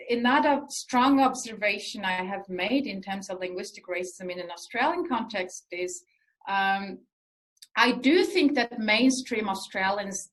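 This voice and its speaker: A woman researcher answering interview questions in an earnest, explanatory way, pausing often with fillers as she thinks. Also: medium pitch, a bit bright, low-quality recording. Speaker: researcher guest.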